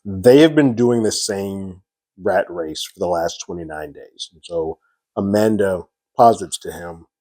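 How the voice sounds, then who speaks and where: A man's voice: sits low, measured pace, warm tone, no room sound. A man casually recapping and reviewing a TV episode, retelling scenes loosely with frequent fillers. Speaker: TV series reviewer.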